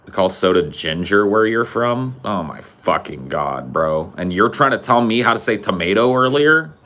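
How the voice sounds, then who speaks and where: Low-voiced man ranting with crude teasing. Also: animated, normal speed, pushed and bright. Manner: profane, teasing, riled-up ranting. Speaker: podcast co-host. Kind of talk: casual banter.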